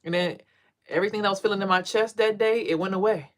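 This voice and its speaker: Animated, cussing woman telling a story. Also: fast. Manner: animated, profane, acts out quotes in a high voice. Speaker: vlogger and tarot reader. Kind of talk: casual storytelling vlog.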